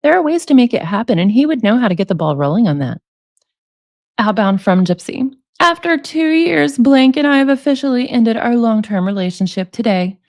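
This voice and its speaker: A woman's voice: a little high, sing-song, fairly quick, hardly any pauses, a little mellow, no room sound. Woman, forties, chatty commentary, wry, dry close sound. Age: 40s. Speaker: commentary YouTuber. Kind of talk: reading out emails and commenting.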